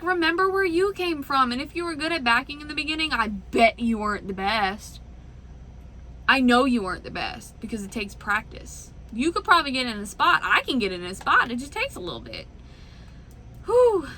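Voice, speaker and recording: Bright-voiced woman trucker ranting. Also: on the high side, a little hiss or hum, poor audio. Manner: animated, exasperated ranting. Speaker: truck driver vlogger. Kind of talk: casual ranting vlog.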